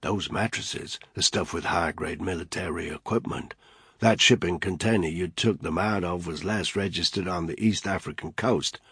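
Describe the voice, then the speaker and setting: A man reading an audiobook, voicing a ruthless male soldier who interrogates a captive with quiet, mocking menace. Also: sits low, moderate pace, husky, dry recording, studio quality, full character voice. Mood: menacing.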